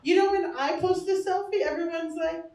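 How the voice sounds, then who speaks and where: A young woman with a high voice doing brash, self-mocking stand-up as the host of a small club show. She swears freely and breaks into laughter often. The sound is echoey and picked up from a distance. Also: fairly even intonation, normal speed, heavy background noise. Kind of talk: stand-up comedy set. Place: small comedy bar stage.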